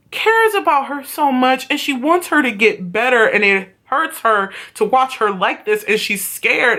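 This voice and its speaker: Woman, casual TV recap, excitable and profane, somewhat high voice. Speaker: vlogger reviewing a TV episode.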